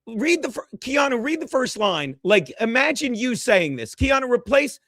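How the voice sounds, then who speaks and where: Brash gossip co-host, man, very high voice, dry close sound, profane ranting. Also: big pitch swings, moderate pace, a bit bright, no echo. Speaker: livestream co-host. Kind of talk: gossip livestream chat.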